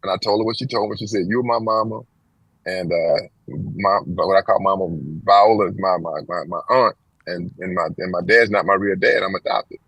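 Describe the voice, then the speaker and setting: Older guy from texas, low husky voice, spins a story, does all the voices. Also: moderate pace, no room sound, low-quality recording. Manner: animated storyteller, acts out quoted voices with big pitch jumps. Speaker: interview guest. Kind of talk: storytelling in casual interview.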